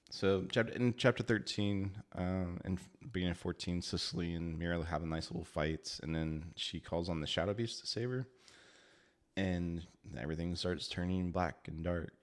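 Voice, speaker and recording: A man casually reviewing a book, chatty and laughing often as he talks. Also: sits low.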